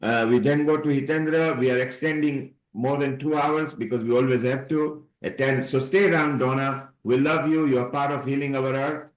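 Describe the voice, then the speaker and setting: A man's voice: medium pitch, fairly even intonation, normal speed, few pauses, reverberant, rough recording. A man hosting an online call, talking in a loose, rambling way and repeating words. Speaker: host. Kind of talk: casual online chat.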